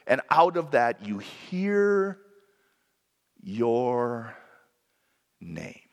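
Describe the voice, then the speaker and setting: A man's voice: medium pitch, very animated, extremely slow, long reverb tail. A man preaching a sermon in an earnest, reflective way, sometimes correcting himself mid-sentence.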